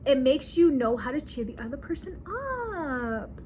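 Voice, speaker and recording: A young woman vlogging about a movie in casual chat, giggly and animated, acting out the characters' lines. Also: sits high, a little slow, a little hiss or hum.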